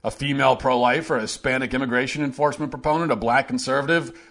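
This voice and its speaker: A man hosts a political opinion show and talks alone to his listeners in a mid-range voice. His delivery is sarcastic and animated, and he shifts between mock pity and pointed emphasis. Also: medium pitch, quick pace. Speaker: podcast host.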